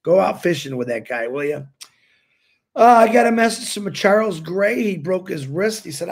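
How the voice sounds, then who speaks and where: A man's voice: high voice, expressive, moderate pace, gravelly. A man co-hosting a casual live stream, joking and reading out birthdays and prayer requests. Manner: warm, jokey, reads birthday names and prayer requests. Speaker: co-host.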